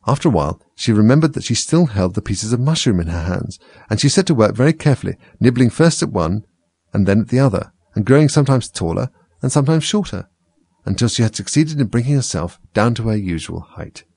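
Man reading a kids' story, low gravelly voice, lively tune, dry close mic. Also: dry recording. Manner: measured, expressive storytelling. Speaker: reader.

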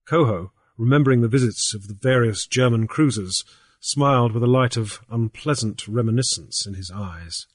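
A man reads a novel aloud in a measured, even storytelling manner. His voice is mid-pitched and slightly husky. The sound is dry and close, with no room around it. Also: no room sound. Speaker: audiobook narrator. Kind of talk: scripted narration.

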